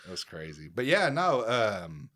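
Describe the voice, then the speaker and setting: A man's voice: fairly low pitch, sing-song, slow pace, fairly bright tone. A man hosting a podcast, talking in a loose, profane, rambling way with lots of fillers. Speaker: podcast host. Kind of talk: casual chat.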